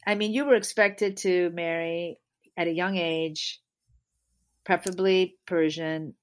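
A middle-aged woman, a guest on an interview show, telling lively stories about her life in a casual chat. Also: lowish voice, a little slow. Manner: animated storyteller.

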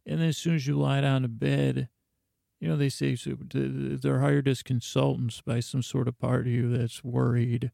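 A man hosting a podcast, telling a meandering, stammering bedtime story in a gravelly voice. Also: medium pitch, little pitch movement, normal speed, mellow, dry recording, clean studio sound. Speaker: podcast host.

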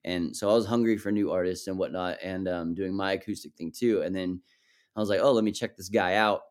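A man telling stories in casual chat, animated and swearing, acting out other people's lines as he goes. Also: low voice, a little fast. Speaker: podcast guest, musician.

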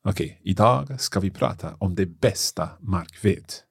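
A man hosting a casual lesson, working through phrases aloud with halting restarts and frequent laughs. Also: low-pitched, expressive, vocal fry, breathy edge, no room sound, studio quality. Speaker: language learner host.

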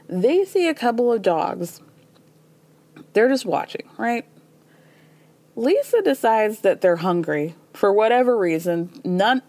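A woman's voice: mid-range voice, darkish tone, no room sound. A woman hosting a podcast, chatting casually through a reality TV recap, laughing often and acting out quotes. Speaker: podcast host.

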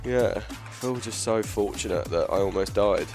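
A man's voice: on the low side, normal speed, music in the background. A young man co-hosting a podcast, telling casual stories and rambling with lots of fillers. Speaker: podcast co-host.

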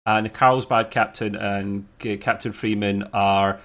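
A man's voice: on the low side, steady tone, measured pace, a bit bright. A man co-hosting a casual review podcast, recapping an episode in an easygoing, chatty way. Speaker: podcast co-host.

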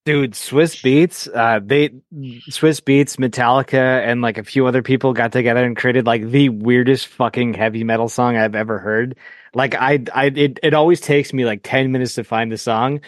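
A man's voice: mid-range voice, steady tone, normal speed, no echo, clean studio sound. A man who is a guest on a podcast, talking in blunt, casual chat and swearing often while he rants. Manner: blunt, swears a lot, ranting.

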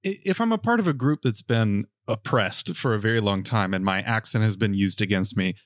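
Sex: male. Role: podcast co-host. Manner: playful ranting banter. Pitch: mid, very animated. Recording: dry. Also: brisk, dry recording. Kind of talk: casual comedic chat.

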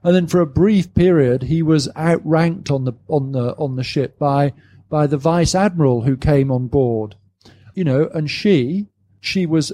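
Hesitant, dark-voiced British man. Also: fairly high pitch. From Britain. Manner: hesitant, repeats words, self-correcting. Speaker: author guest. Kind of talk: casual conversation about his book. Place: live event before an audience.

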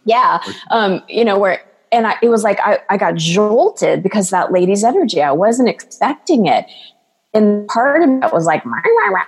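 A woman's voice: mid-range voice, animated, normal speed, slightly rough, big-room sound. A woman coach speaking as a guest in an interview, talking in an earnest, flowing way and acting out quoted voices. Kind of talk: casual interview talk.

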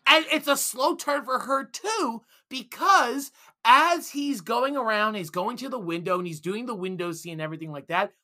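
A man co-hosting a casual film chat, enthusiastic and excitable, laughing often. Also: very high-pitched, moderate pace. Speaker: film podcast co-host.

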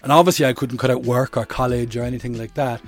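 Speaking quickly in a mid-range voice, a man from Ireland runs his own comedy podcast. His storytelling is lively and meandering, peppered liberally with profanity.

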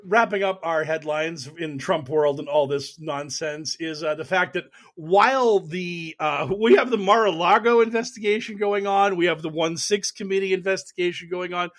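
High-voiced man joking through political news. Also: a bit bright. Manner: laughs often, mocking, rambling with fillers. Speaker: podcast co-host. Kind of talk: casual comedic political chat.

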